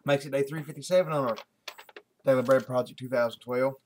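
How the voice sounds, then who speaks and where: A man's voice: mid-range voice, steady tone, quick pace, slight background noise. A man talks straight to camera in a casual daily video blog. His delivery is folksy and repetitive, thick with fillers and false starts. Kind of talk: casual rambling monologue to camera.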